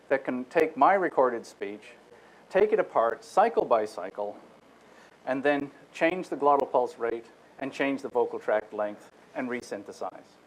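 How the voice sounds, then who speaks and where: A guest lecturer with a medium-pitched voice gives a technical lecture to an audience in a low-quality recording. He explains things step by step, addresses his listeners directly and often restarts his phrases.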